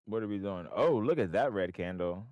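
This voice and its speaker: A man's voice: on the low side, lively intonation, a little fast, a little mellow, no echo, muffled recording. A man hosting a live trading stream from home, thinking aloud in casual, rambling commentary. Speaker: livestream trading host. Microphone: desk microphone, wearing headphones.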